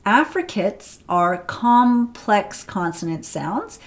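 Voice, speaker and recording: A woman's voice: mid-range voice, big pitch swings, slow pace. A woman teaching pronunciation on camera, explaining sounds and demonstrating them, often checking with "right?".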